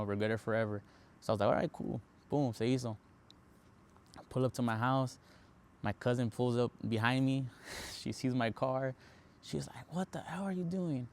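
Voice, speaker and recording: A man's voice: medium pitch, darkish tone. A young man hosting a podcast, telling his story casually with lots of fillers and Spanish slang. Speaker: podcast host.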